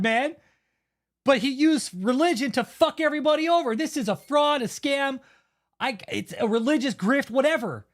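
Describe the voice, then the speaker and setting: A man's voice: very high-pitched, normal speed. A man hosting his own channel, delivering a heated, heavily profane and blunt rant of commentary. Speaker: channel host. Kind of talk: angry ranting commentary.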